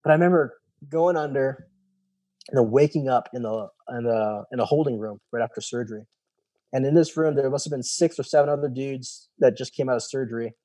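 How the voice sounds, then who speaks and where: A young man recounts his own experiences a little quickly, his medium-pitched voice warm, recorded dry. As a guest, he rambles loosely and retells conversations using "he's like."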